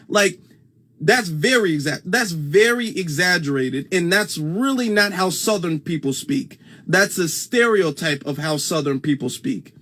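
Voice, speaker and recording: High-voiced man hosting a casual livestream. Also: animated, measured pace, sharp tone. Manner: conversational, repeats points, reads viewer comments aloud. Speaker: host.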